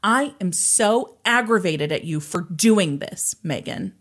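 A woman voicing an exasperated mother who scolds her daughter with sharp, insistent commands. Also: on the low side, lively intonation, slow pace. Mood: scolding.

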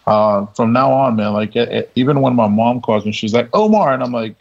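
Laid-back man with a gravelly voice. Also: mid-range voice, steady tone, fairly quick. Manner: laid-back, laughing, many restarts and fillers. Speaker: podcast guest. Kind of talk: casual storytelling. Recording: dull lo-fi sound.

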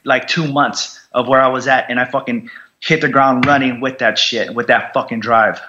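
A man's voice: mid-range voice, steady tone, normal speed, sharp tone, muffled recording, a little hiss or hum. A man who served in war, telling his recovery story bluntly, swearing constantly and repeating himself for emphasis. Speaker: military veteran guest. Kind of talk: candid conversational storytelling.

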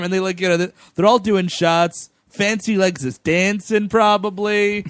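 A man's voice: high voice, normal speed, few pauses, dry recording. A man co-hosting a casual movie podcast, wry and laid-back, swearing now and then. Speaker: podcast co-host. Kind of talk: casual movie-review chat.

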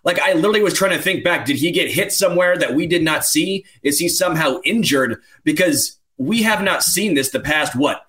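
Man, podcast co-host, slightly high voice, incredulous, thinks out loud. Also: expressive, a little fast. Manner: incredulous, searching aloud for reasons. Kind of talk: casual sports podcast discussion.

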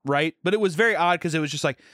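A man co-hosting a podcast, telling animated, profane stories in casual banter and laughing often. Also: on the high side, very fast, dry recording, clean studio sound. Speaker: podcast co-host.

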